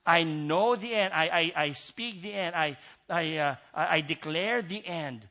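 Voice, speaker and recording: Male preacher, high voice, earnest sermon delivery, repeats phrases for emphasis. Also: measured pace, bright, forceful tone.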